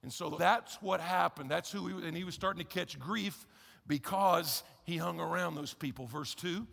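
A man's voice: high voice, normal speed, creaky, a bit bright. A man preaching a sermon as pastor, conversational and emphatic, repeating key phrases with wry humor. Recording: echoey church hall.

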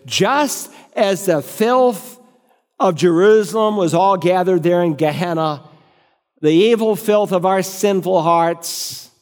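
A man's voice: fairly high pitch, darkish tone, long reverb tail. A man preaching a sermon as pastor, telling vivid illustrative stories.

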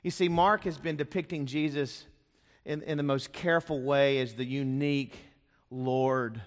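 The pastor speaks in an unhurried, mid-range voice with a steady tone. His sermon, given in a church sanctuary, is dramatic storytelling in which he acts out the voices of the figures involved. The recording has the long reverb typical of a church hall.

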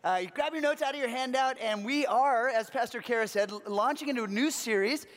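A man's voice: very high voice, brisk, a bit bright. A male pastor, out of breath and laughing, opening a sermon in a friendly, conversational way. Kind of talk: sermon introduction. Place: church sanctuary. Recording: long reverb of a church hall.

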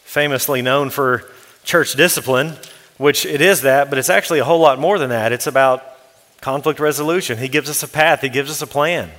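Male pastor, mid-pitched, emphatic sermon delivery, long hall reverb. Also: fairly quick. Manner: emphatic, rising to forceful exhortation and dropping low to read scripture.

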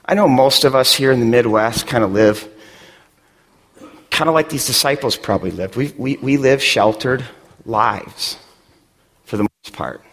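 A man's voice: medium pitch, a little slow, long pauses. Impassioned preacher man in a hall. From West Michigan. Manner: impassioned, rising to near shouts. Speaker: pastor. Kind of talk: sermon.

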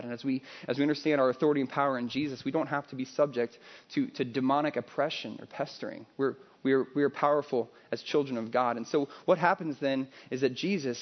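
A male pastor preaching a sermon in a conversational, animated storytelling way. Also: mid-range voice, lo-fi sound.

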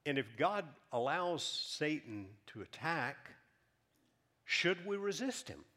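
A man preaching a sermon, reading scripture aloud with rising emphasis and dropping softer when he explains. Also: a little high, very animated. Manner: reads scripture aloud with rising emphasis, then drops soft; earnest, measured teaching. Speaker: pastor.

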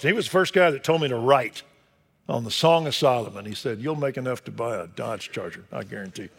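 A man's voice: medium pitch, creaky, fairly bright tone, slightly rough, long reverb tail. A man preaching a sermon, telling stories expressively and rising to emphatic peaks. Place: church sanctuary.

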